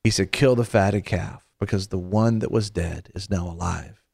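A man with a fairly low voice preaches in a relaxed, conversational way as the host of a Christian show. He tells stories, quotes scripture and repeats phrases for emphasis, and his voice sounds close and dry with no room echo. He ends by leading a prayer. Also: normal speed, vocal fry.

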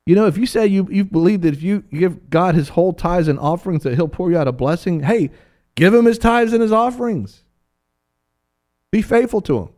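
Animated man preaching with lively pitch. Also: a little fast. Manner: animated, playful, acts out biblical voices. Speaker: Bible teacher. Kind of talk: preaching talk on a broadcast.

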